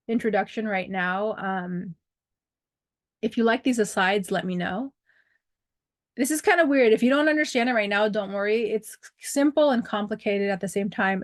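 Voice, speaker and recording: A woman's voice: fairly high pitch, no echo, clean studio sound. A woman teaching a Spanish lesson over a video call, reading words and their English meanings, with chatty asides. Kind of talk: online language lesson. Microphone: computer mic on a video call.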